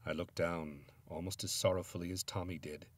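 A man giving a grave, theatrical first-person reading of a dark story. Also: low voice, steady tone, fairly quick, no room sound. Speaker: narrator.

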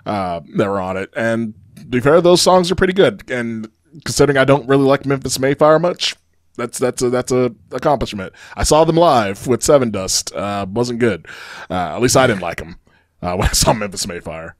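Brief: man, relaxed podcast co-host, talks loosely with fillers, dry mic. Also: medium pitch, moderate pace, no room sound. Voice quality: frequent "uh" fillers, laughs often. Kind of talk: casual chat.

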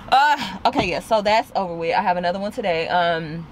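A woman vlogging casually from inside her car, sore and recovering after surgery, chatty and animated, addressing viewers as "y'all" and "girl". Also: on the low side, fairly quick, hardly any pauses, noisy background. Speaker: beauty vlogger. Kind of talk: casual vlog chat to camera.

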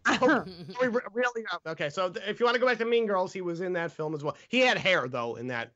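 Man, movie podcast host, bright tone, dry close sound, slightly dull audio. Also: sits high, animated, quick pace, no room sound. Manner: reads scripted jokes with stumbles and laughs. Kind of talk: casual comedic movie review.

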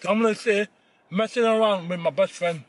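A man's voice: sits high, fairly quick, slight background noise. A young man, vlogging from a car, chatting casually and swearing as he teases his friend. He is recorded on a phone inside the car. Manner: swearing, teasing, banter. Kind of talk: casual chat. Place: in a parked car.

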